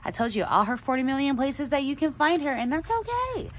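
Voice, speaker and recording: A woman's voice: high voice, sing-song, fairly quick. A woman hosting a craft video, gushing in a casual show-and-tell chat and laughing often. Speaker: craft channel host.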